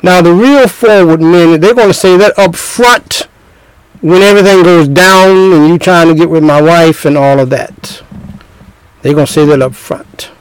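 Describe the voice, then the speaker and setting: A man's voice: a little high, moderate pace, clear, resonant tone, dry recording, low-quality recording. A middle-aged man giving emphatic, preachy relationship advice, repeating his points and acting out little scenes. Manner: emphatic, repetitive, acts out scenes.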